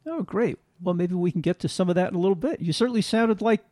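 A man's voice: high voice, fast talker, warm tone, no room sound, clean studio sound. An older man co-hosting an interview, asking short, friendly questions. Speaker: co-host.

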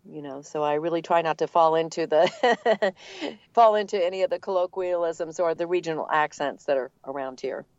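An older woman, a voice actor, telling her story in a relaxed, articulate interview manner with a neutral accent. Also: sits low, moderate pace, no room sound, dull audio. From Boston area, United States. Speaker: guest, voice actor. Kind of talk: conversational interview.

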